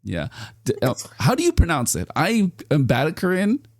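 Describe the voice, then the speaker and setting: A man's voice: on the high side, wildly swooping pitch, moderate pace, dry recording, studio quality. A man hosting a casual podcast chat, talkative and self-deprecating, rambling a little as he thinks aloud. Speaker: podcast host.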